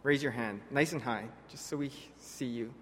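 A man preaching a sermon to his congregation, earnest and direct, often dropping soft on key words. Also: mid-range voice, moderate pace, a little hiss or hum. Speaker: pastor. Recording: long reverb of a large hall.

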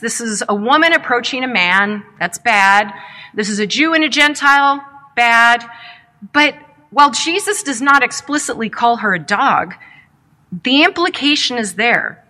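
Bright, higher-pitched woman preaching a sermon. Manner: reflective, measured storytelling with rhetorical questions.

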